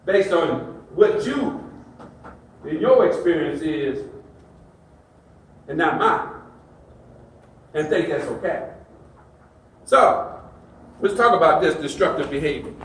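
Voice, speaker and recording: A man's voice: a little high, expressive, slow, pauses often, a bit bright, distant mic. A man in his sixties, a group counselor, giving a talk to an audience in a folksy, preacher-like storytelling way. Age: 60s. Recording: echoey hall, voice heard from afar.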